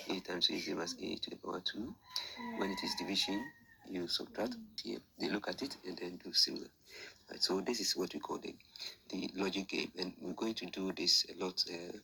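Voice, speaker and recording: Low gravelly man teaching a lesson. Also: sharp tone, a little hiss or hum, poor audio. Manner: patient, repetitive, thinking aloud with fillers. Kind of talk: screen-share lesson explanation.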